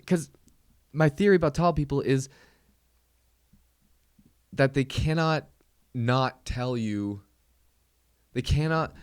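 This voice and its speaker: A man's voice: mid-range voice, clean tone, dry recording, clean studio sound. A man hosting a comedy podcast, ranting in a casual, exasperated and profane way that rambles along.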